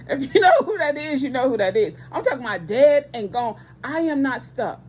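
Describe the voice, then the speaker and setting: A woman's voice: high-pitched, sing-song, a little fast, darkish tone, muffled recording, a little hiss or hum. A woman preaching with passion to online viewers as a ministry host, emphatic and repeating her points, with speech patterns and casual asides.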